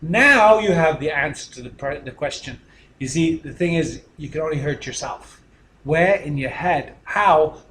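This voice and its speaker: Guy teaching a motivational session, high voice, punchy then drops real quiet, faint noise behind. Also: roomy sound. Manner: emphatic, with dramatic drops to a quiet voice. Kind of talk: motivational talk.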